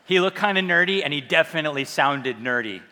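A pastor with a fairly high, bright, forward voice preaches brisk and expressive in a church hall, where long reverb trails every phrase. He keeps things loose and conversational, joking at his own expense. A little hiss or hum can be heard.

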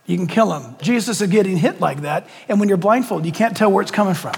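Male pastor, dramatic sermon, high voice, church hall reverb. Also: lively intonation, fast, vocal fry, breathy edge. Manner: dramatic storytelling with direct questions to the congregation.

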